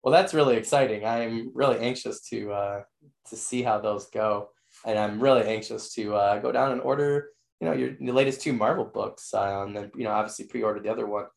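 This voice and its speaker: Male podcast host, hoarse, fry-heavy low voice, rambling and enthusiastic. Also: a little fast. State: losing his voice. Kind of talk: casual interview wrap-up.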